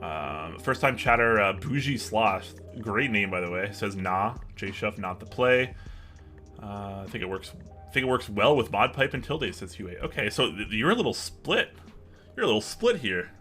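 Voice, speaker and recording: A man's voice: lowish voice, animated, moderate pace, sharp tone, soft background music. A man hosting a live stream in casual chat, thinking aloud and asking viewers for their opinions with frequent restarts. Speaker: livestream host.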